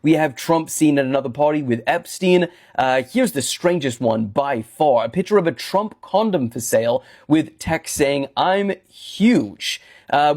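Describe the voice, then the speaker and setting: A man's voice: mid-range voice, darkish tone. A man presenting breaking-news commentary, going through a set of images one by one.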